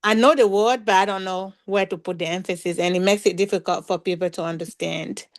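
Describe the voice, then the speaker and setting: A woman learner asks her teacher a question in an online class, speaking at a middling pitch. She talks haltingly and searches for her words as she explains. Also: fairly even intonation.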